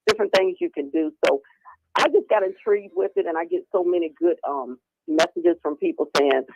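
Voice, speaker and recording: A woman guest on a podcast, talking in a casual, animated way and often acting out what other people say, heard over a remote call line. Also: lowish voice, a little fast, gravelly, noisy background. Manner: animated, acting out quoted voices. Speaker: guest speaker on women's health. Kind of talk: casual conversational interview.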